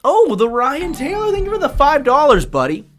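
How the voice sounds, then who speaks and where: A man's voice: extremely high pitch, huge pitch swings, moderate pace, a bit bright. A man chatting casually on a live stream, rambling, swearing freely and thanking viewers.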